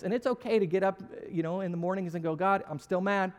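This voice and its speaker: A man with a high, light voice gives a relaxed, conversational sermon in a church auditorium. He is self-deprecating and jokes with the audience, and the sound trails off in a long reverb from the large hall. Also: fast talker. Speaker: pastor. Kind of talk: casual sermon with audience questions.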